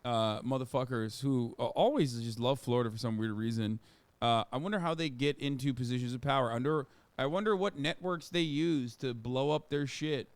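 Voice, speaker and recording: A male streamer talks through the news in casual reaction commentary, sarcastic and profane. His voice is smooth and resonant, recorded dry and close on a studio mic. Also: medium pitch, normal speed, no echo. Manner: sarcastic, profane, laughing asides.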